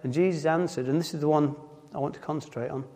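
Male preacher with a Nottinghamshire accent, fairly high voice, loose stop-start delivery, long church reverb. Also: fairly even intonation, dark tone. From Nottinghamshire, England. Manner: halting, repeats words and restarts often. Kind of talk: informal sermon.

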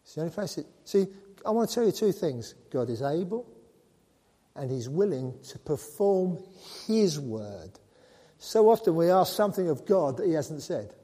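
Man, preacher, husky, dark mellow tone, long hall reverb. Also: on the high side, normal speed. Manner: animated, joking with the congregation. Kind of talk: sermon.

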